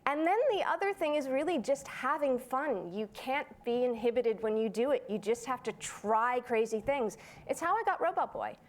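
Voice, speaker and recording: Animated woman voice actor on a panel. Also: high-pitched, moderate pace, few pauses. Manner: lively, animated, playful. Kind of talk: conference panel talk. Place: conference hall.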